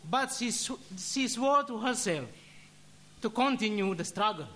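A religious brother giving a solemn sermon, telling a story and ending in prayer with measured, deliberate delivery. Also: male voice, high-pitched, expressive, bright, forceful tone.

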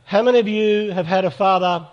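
Man, slightly high voice, pastoral workshop leader addressing a live crowd. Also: fairly quick, muffled recording. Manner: pastoral and direct, asks audience for hands up. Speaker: speaker at a church conference. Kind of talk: live workshop talk to an audience.

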